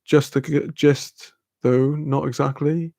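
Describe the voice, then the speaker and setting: A man's voice: fairly high pitch, fairly even intonation, slow pace, vocal fry, dark tone, dry recording, clean studio sound. A young British man in casual chat with viewers, rambling, laughing often and swearing offhand. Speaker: streamer chatting with viewers.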